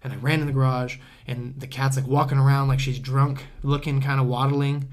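A man's voice: medium pitch, little pitch movement, fairly quick. A young man, a podcast guest, telling a long story in a loose, rambling way full of "dude," "bro," and casual swearing.

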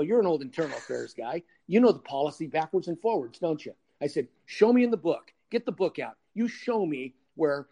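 Older male storyteller, blunt and wry, somewhat high-pitched, plays out the dialogue himself. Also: a little mellow. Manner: blunt, wry, acts out dialogue with lots of "I go" and "he goes". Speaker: retired police detective telling a story. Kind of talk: casual anecdote storytelling.

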